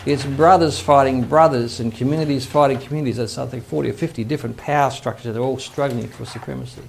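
An older man teaches a sermon as a pastor. His voice is gravelly and sits at an ordinary middle pitch. He preaches earnestly and quotes scripture as he goes. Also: fairly even intonation, fast, a little mellow, slight background noise.

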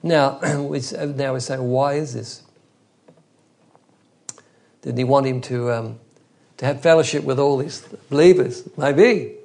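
A man's voice: medium pitch, a little slow, gravelly, long pauses, a little mellow. A man preaching an expository Bible teaching in an earnest, emphatic way, often restarting his phrases.

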